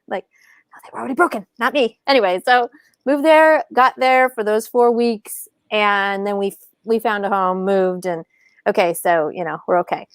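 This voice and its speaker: Animated storytelling woman, dry sound. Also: moderate pace, clean tone, no echo. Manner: animated, acts out quoted dialogue in higher voices. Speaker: podcast guest, author and speaker. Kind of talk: casual storytelling.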